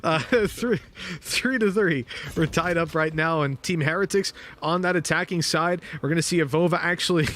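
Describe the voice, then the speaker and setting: A man with a fairly high voice calls a live esports match in a loose, chatty way, breaking into small laughs as he talks. A faint hiss sits under his headset mic. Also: a bit bright. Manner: chatty, laughs between points. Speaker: esports caster.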